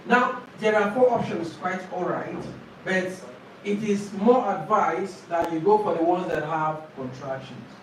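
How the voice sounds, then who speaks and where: A man teaching a speaking-test lesson, repeating and modelling answers slowly and emphatically. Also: high-pitched, slight background noise. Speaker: IELTS speaking coach. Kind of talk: classroom lesson to camera. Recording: very echoey classroom from far off.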